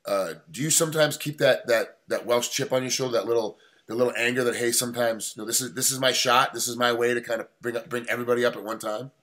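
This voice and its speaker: A man's voice: mid-range voice, fairly even intonation, fast talker, a bit bright. An American man interviewing a fighter, asking long, rambling questions. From United States. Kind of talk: casual interview.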